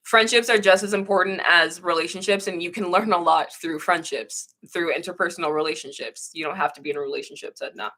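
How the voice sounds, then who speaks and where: A woman's voice: lowish voice, steady tone, fast, hardly any pauses, bright, forceful tone. A young woman in her twenties chatting casually on a livestream, reading viewer comments, blunt and swearing freely, often restarting her sentences.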